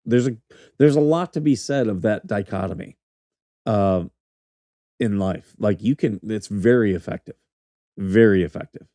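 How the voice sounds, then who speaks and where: Mellow low-voiced man telling stories. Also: moderate pace, long pauses, no echo, clean studio sound. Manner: rambling, profane, laughs through his stories. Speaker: podcast host, former military officer. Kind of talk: casual storytelling chat.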